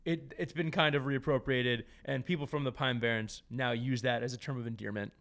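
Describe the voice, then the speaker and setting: A man's voice: mid-range voice, steady tone, fairly bright tone. A man with a New Jersey accent hosting a casual podcast chat, joking and stumbling over restarts. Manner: halting, many restarts, joking. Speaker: podcast host.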